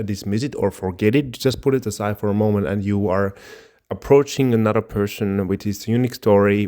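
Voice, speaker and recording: A man's voice: lowish voice, darkish tone. A man co-hosting a casual podcast chat, talking at length with frequent restarts and the odd laugh. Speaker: podcast co-host.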